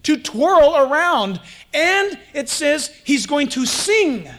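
A man preaching a sermon as pastor, animated and conversational, acting out playful little dialogues with his congregation. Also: very high voice, takes it slowly.

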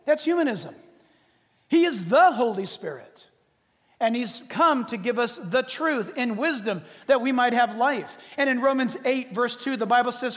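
A pastor preaching an emphatic, conversational sermon with casual asides. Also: male voice, very high-pitched, fairly bright tone. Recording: reverberant hall.

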